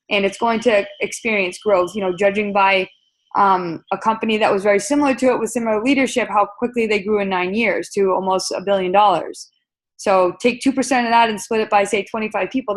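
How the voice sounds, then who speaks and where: Upbeat woman coaching a sales team. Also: medium pitch. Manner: upbeat, coaching, lots of fillers and repeats. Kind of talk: webinar sales training talk.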